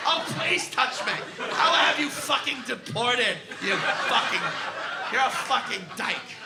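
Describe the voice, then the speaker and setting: A man's voice: very high voice, lively intonation, a little slow, creaky, roomy sound, over a noisy crowd, heavy background noise, exaggerated voice. A man voicing a furious drunk woman in a bar, shrieking curses and threats. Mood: enraged.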